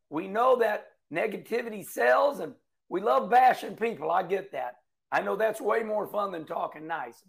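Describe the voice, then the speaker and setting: A middle-aged man, talking casually about racing with folksy, animated storytelling. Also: sits high, creaky. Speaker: racing commentator. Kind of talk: casual monologue.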